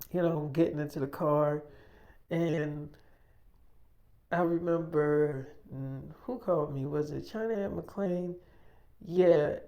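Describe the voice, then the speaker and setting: A man's voice: a little high, darkish tone. A man casually narrating an improvised audio story, boastful and full of swearing.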